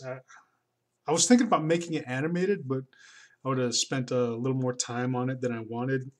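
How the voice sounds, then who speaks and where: A man talks casually through his old sketchbook at a medium pitch. He rambles, stops and restarts often, filling gaps with "um" and "like". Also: a little hiss or hum. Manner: rambling, many fillers and restarts. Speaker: artist vlogger.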